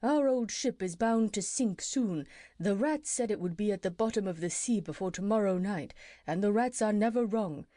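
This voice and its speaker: A woman voicing a wise owl, speaking in a hushed, urgent way. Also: medium pitch, normal speed, dry recording, clean studio sound, natural voice.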